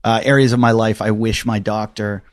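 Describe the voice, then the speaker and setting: A man from Pittsburgh hosting a podcast, chatting casually and telling stories in an animated, profane, joking way. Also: fairly low pitch, normal speed. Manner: animated, profane, jokey storytelling. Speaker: podcast host. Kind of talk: casual interview chat.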